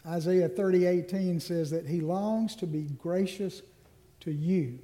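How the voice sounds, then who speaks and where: Earnest high-voiced male preacher. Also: warm tone. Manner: earnest, slows down on key phrases. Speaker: minister. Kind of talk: Ash Wednesday sermon.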